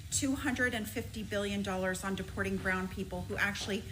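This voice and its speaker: A woman's voice: mid-range voice, fairly even intonation, brisk. Indignant woman in a noisy clip. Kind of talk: political commentary clip.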